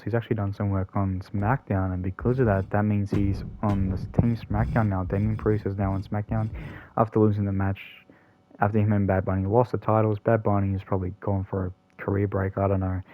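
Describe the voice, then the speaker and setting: Rambling low-voiced man, dull dry sound. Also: steady tone, a little fast. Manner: rambling, filler-heavy, self-correcting. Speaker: gaming channel host. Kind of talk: casual game commentary.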